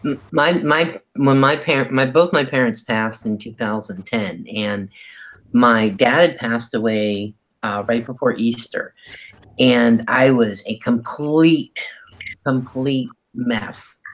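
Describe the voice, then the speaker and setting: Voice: medium pitch, takes it slowly, rough recording. Matter-of-fact middle-aged guest. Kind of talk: casual chat.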